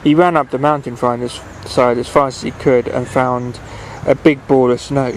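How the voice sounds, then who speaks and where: A man reading a bedtime story aloud at an unhurried, halting pace, often restarting his phrases. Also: mid-range voice, fairly even intonation, slight background noise, poor audio.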